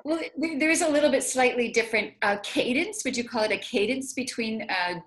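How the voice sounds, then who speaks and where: On a casual video call, a woman author seeks pronunciation help, her voice on the high side, fairly quick and a bit bright. She chats easily, pokes fun at herself, and hesitates frequently.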